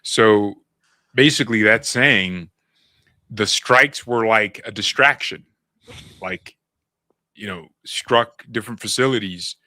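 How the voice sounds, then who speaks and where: A man's voice: fairly low pitch, slow, long pauses, sharp tone, no echo. A man co-hosting a live stream, chatting casually about breaking news with slang and frequent laughs. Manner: joking, laughs often, slangy.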